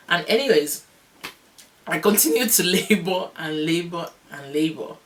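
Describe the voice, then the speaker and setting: Young woman, casual storytelling vlog, animated, rambling, laughing. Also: lowish voice, normal speed. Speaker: vlogger, new mother.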